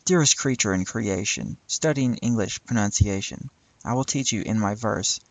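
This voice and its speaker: A man reading a poem aloud slowly and deliberately, now and then stumbling and laughing at tricky words. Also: lowish voice, vocal fry, dry recording, rough recording. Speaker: reader.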